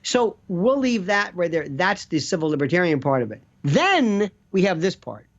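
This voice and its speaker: Animated rambling man, muffled audio. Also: sits high, normal speed. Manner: rambling, animated, slips into quoted voices. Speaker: guest commentator. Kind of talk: casual chat.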